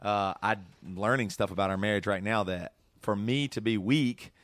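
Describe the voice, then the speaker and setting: A man's voice: lowish voice, moderate pace, fairly bright tone, no room sound. A man hosting a casual podcast, talking earnestly and emotionally with many restarts. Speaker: podcast host.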